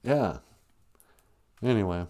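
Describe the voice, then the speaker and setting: A man's voice: low-pitched, slow pace, warm tone. A man hosting a comedic live-stream language lesson, teasing a pretend caller in a blunt, chatty way. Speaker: Ojibwe language teacher and host.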